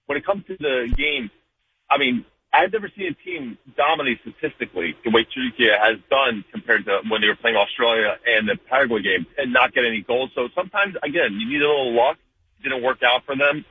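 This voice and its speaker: Fast-talking raspy man on the phone. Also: mid-range voice. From New Jersey. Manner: fast, rambling, with many fillers. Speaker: caller. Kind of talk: casual call-in sports chat. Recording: phone line.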